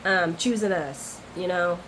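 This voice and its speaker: Her voice sits fairly low and she takes her time, with a little hiss or hum underneath. This woman runs a chatty, playful soap opera recap, addressing viewers directly as "y'all" and sprinkling in lively asides.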